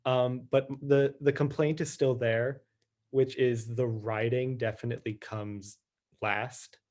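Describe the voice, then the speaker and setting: A man co-hosting a podcast in casual chat, with a deadpan, teasing way of questioning. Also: mid-range voice, slow pace. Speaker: podcast co-host.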